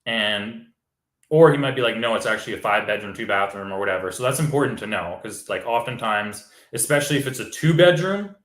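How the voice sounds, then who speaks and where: A man's voice: lowish voice, expressive, brisk, a bit bright, echoey room. A man, a real estate wholesaler, explaining step by step in casual chat and acting out sample phone calls.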